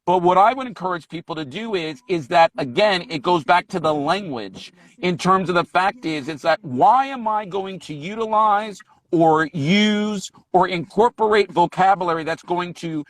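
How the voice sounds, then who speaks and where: A man's voice: high voice, normal speed, few pauses, no echo. A man, an English teacher, talking on a live video call, emphatic and repeating his key points. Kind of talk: casual live-stream conversation.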